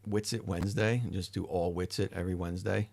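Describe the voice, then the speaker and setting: A man's voice: low-pitched, steady tone, fast, gravelly, darkish tone, a little hiss or hum. A tired man hosting a livestream, chatting casually with his chat, rambling and swearing now and then. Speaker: livestream host. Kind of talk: casual chat reading live chat.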